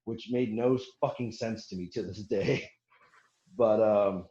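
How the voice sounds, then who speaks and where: This young man's voice is lowish and unhurried as he spins a long, profane war story in relaxed podcast conversation, laughing while quoting others in animated bursts. The sound is roomy, with the highs cut off.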